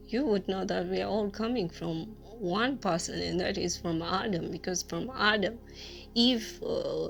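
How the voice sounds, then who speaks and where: Slow-spoken woman telling a story. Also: fairly low pitch, vocal fry. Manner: unhurried, halting, with many fillers and frequent laughs. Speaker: vlogger, former teacher. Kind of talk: casual storytelling monologue.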